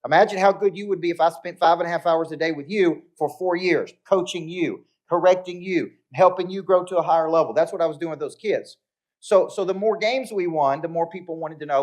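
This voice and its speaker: A man's voice: on the high side, fast talker. A middle-aged man giving a live motivational talk to an audience, telling stories with acted-out dialogue and checking in with the crowd. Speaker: motivational speaker. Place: live event before an audience.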